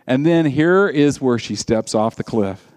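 A man preaching a sermon in an animated, conversational storytelling way. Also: mid-range voice, a little slow.

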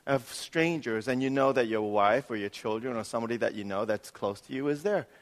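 Pastor preaching in an echoing hall. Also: male voice, medium pitch, brisk. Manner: dramatic swings between loud emphatic and soft hushed delivery. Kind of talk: sermon.

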